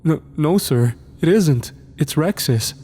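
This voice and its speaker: A man's voice: fairly high pitch, animated, slow pace, mellow, slight background noise, pitched above the performer's own voice. A man doing a stuttering scared teenage boy. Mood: pleading. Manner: stuttering, pleading. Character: frightened teenage boy caught out.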